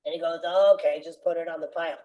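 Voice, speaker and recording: Older female guest, lively storyteller who acts out quotes; low, warm voice. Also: fast, highs cut off. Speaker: interview guest. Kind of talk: storytelling in a podcast interview.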